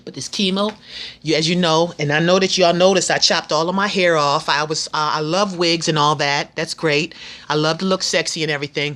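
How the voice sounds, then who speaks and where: Fifty-something woman vlogging, bright forceful voice, frank and chatty, lots of restarts. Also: sits low. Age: 50s. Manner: frank, earnest and faith-filled. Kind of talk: casual advice vlog.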